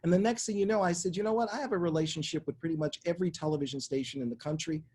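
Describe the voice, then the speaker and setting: A middle-aged man, a guest in a conversation interview, telling a long personal story with animated energy and acting out the people in it. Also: on the high side, rapid-fire, slight background noise. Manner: animated anecdotal storytelling, acts out voices in quotes. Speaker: interview guest, media executive.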